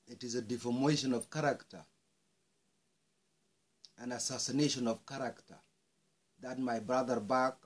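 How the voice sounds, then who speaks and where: A man from South Sudan delivering an angry, impassioned monologue, swearing and rising into outbursts. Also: mid-range voice. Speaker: speaker airing grievances.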